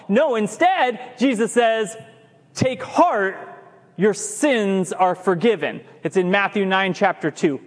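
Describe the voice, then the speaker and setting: High-voiced preacher in an echoing church. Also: male voice, unhurried. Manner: lively preaching, stretches key words, stumbles and restarts. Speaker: pastor. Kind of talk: sermon. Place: church sanctuary. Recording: long hall reverb.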